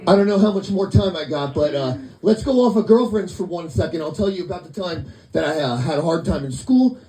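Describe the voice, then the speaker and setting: Deadpan stand-up man, lively pitch. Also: fairly quick, roomy sound, poor audio. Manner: deadpan storytelling with quoted voices. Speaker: stand-up comedian. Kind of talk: stand-up set. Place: comedy club.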